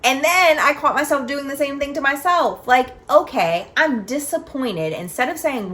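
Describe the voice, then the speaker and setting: A woman's voice: sits high, expressive, moderate pace, few pauses, bright, forceful tone. A woman in her thirties or forties hosting a solo podcast, talking candidly and earnestly through personal stories. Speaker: podcast host. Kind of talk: reflective solo talk on self-acceptance.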